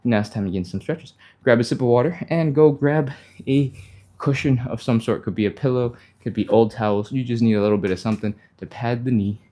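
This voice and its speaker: A man hosting a live stretching stream, talking fast and upbeat, laughing often as he walks viewers through each move. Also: mid-range voice, warm tone. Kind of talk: live workout instruction.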